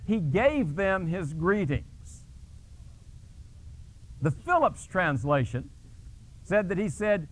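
A male pastor preaching a sermon, retelling a scripture scene dramatically and explaining a word, with restarts and fillers. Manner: dramatic storytelling with sudden pitch jumps.

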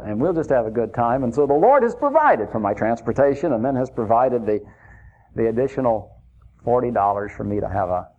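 A male preacher tells a long personal story in a folksy, easygoing way, chuckling now and then. His voice is gravelly and husky, and his pitch swings up and down a lot. The recording is dull and lo-fi. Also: darkish tone. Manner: folksy anecdotal telling with chuckles. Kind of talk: sermon storytelling.

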